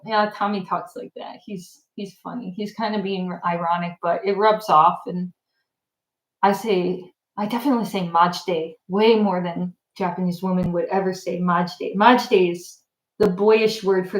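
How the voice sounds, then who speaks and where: A woman's voice: medium pitch, roomy sound, rough recording. Chatty woman streamer from Michigan. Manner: animated, laughs often, reads chat comments aloud. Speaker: language YouTuber. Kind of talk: casual livestream chat.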